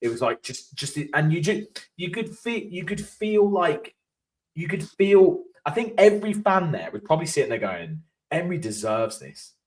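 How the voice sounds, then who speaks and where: A man telling animated match-day stories in a casual chat. His voice sits a little high and moves around a lot in pitch. He often restarts his sentences. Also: moderate pace. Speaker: football fan channel co-host.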